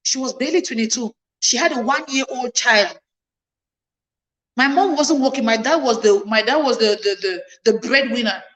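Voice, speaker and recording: A woman's voice: fairly high pitch, normal speed, fairly bright tone, rough recording. A woman in her thirties telling a personal family story to her viewers, emphatic and passionate, her voice climbing when she gets indignant. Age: 30s. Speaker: livestream host.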